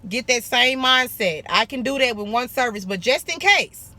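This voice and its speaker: This is a young woman from Arkansas with a bright, forward tone. She talks straight to her viewers in a sassy, blunt way, swearing casually and calling them baby and honey. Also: fairly high pitch, expressive, moderate pace, a little hiss or hum. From Arkansas, USA. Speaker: esthetician vlogger. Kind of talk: casual business advice vlog.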